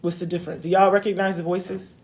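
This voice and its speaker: A woman's voice: lowish voice, level tone, fast talker, a little mellow. A woman coaching on love, talking casually and emphatically to viewers on a live stream. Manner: emphatic, preachy, addresses viewers as y'all.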